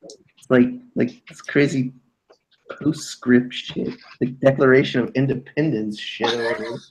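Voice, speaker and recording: A man's voice: mid-range voice, steady tone, unhurried, a little mellow, poor audio. A man chatting casually on a live stream, joking and swearing as he shows off old items. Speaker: co-host showing items.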